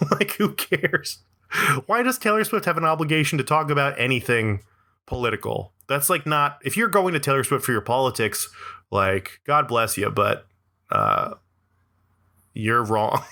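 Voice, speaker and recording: A man's voice: medium pitch, big pitch swings, normal speed, gravelly, bright, forceful tone. A young man hosting his own podcast, talking through a rambling, sarcastic comedic monologue and laughing between lines. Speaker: podcast host.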